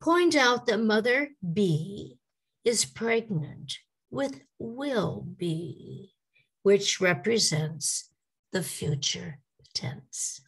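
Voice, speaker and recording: Slow, gravelly woman teaching English. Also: mid-range voice, animated. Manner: deliberate, models example questions aloud. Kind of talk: slide-based teaching lecture.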